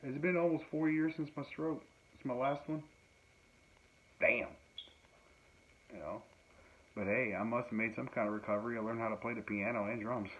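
At a moderate pace with long pauses, this man's medium-pitched voice comes across a bit bright. A musician and podcast host, he chats casually at home, rambling with plenty of fillers and laughs, in a dull lo-fi recording with faint noise.

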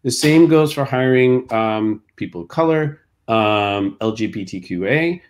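A man's voice: mid-range voice, animated, unhurried. A man who co-founded a company, a guest in an interview, explaining his ideas thoughtfully with examples. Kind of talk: casual interview.

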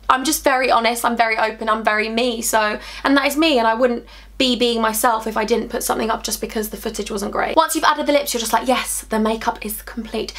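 Young woman, beauty vlogger, bright higher voice, excitable and chatty. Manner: bubbly, excitable and candid, chatting to viewers. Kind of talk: chatty makeup tutorial.

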